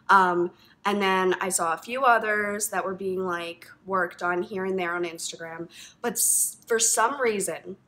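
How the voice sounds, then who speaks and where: A woman's voice: medium pitch, bright, forceful tone. A woman hosting a knitting podcast, chatting to camera in a gushing, rambling way full of ums and likes. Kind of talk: casual chat to camera.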